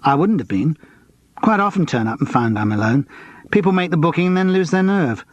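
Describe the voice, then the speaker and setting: A man's voice: on the high side, animated, brisk, dull audio, voice pushed up. A man reading an audiobook, voicing a young male escort and out-of-work actor who talks in a breezy, cheeky, gossipy way.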